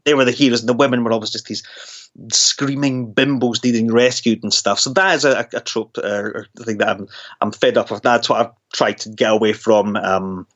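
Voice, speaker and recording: A man's voice: mid-range voice, fairly even intonation, brisk, fairly bright tone, dull audio. A horror author, a man, chatting as a guest in an interview, often restarting his sentences and laughing at himself. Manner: stammering restarts, self-deprecating laughs. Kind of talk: casual interview chat.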